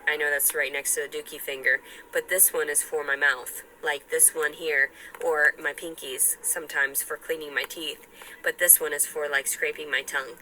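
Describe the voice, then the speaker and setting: A woman's voice: low voice, little pitch movement, normal speed, pushed and bright, a little hiss or hum, rough recording. A woman in a clip from a vlog, talking in a rambling, self-important way. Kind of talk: casual vlog monologue.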